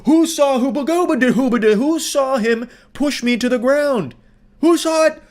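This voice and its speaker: A man mockingly voicing a furious middle-aged woman who rants in a shrill, squawking voice. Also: normal speed, darkish tone. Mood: shrieking.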